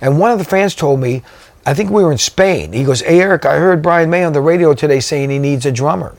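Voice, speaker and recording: Man, drummer guest, casual storytelling, rambling, filler-heavy, somewhat high pitch, dry close sound. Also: brisk, gravelly, dry recording. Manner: rambling, many fillers and restarts.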